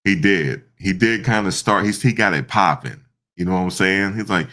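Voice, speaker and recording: A man giving casual, slangy reaction commentary, animated and repeating himself, often breaking into laughter. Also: low-pitched, normal speed. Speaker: online commentator.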